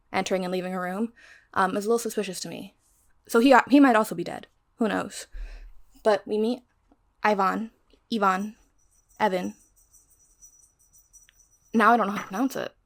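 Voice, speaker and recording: Young woman, chatty book vlogger, animated and profane, mid-pitched. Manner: chatty, animated, swears freely. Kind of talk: casual book recap.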